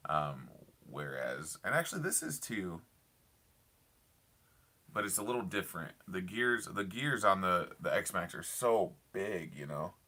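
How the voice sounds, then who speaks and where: This is a young man with a low, bright voice chatting to his live stream viewers from a parked car late at night. He is enthusiastic and rambling, circling back with "I love it" and "I don't know" as he answers comments. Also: very animated, measured pace. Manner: enthusiastic, rambling, lots of fillers and repeats. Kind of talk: casual live stream chat reading comments.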